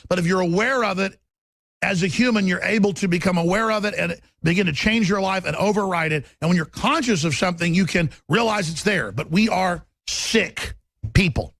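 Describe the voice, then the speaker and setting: A man's voice: high-pitched, gravelly, a bit bright, no room sound. A man hosting a talk-radio show, ranting in an impassioned, repetitive monologue into a studio microphone. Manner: ranting, repetitive, acts out quotes in mocking voices.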